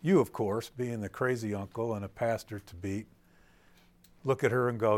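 A middle-aged man teaching preachers in a playful live talk, quizzing the audience and swinging between loud and soft delivery. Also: lowish voice, fairly even intonation, moderate pace.

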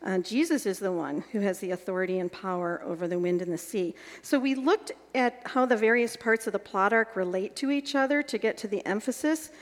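A woman leads an evening teaching workshop for a group. She guides them through each step and keeps checking whether they follow. Her voice sits at an ordinary middle pitch, and a long reverb trails each phrase as if she is in a large hall. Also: brisk, hardly any pauses. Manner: guiding, asks the group checking questions. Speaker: workshop leader teaching Bible exposition.

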